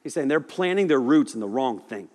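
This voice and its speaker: A man preaching a sermon in a loose, animated, conversational way, often acting out voices. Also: medium pitch, a little fast. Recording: echoey hall reverb.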